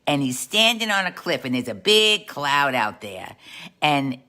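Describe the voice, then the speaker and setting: A woman's voice: deep voice, very animated, a little slow, sharp tone, full character voice. A woman playing a doting, folksy Italian-American aunt who tells a story and gives chatty life advice to her "dolls". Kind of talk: comic character storytelling.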